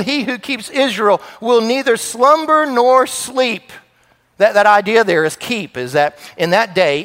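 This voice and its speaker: Older male preacher in a reverberant hall. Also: sits high. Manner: animated, folksy preacher voicing God and characters in quotes. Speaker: pastor. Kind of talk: sermon. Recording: church hall with long reverb.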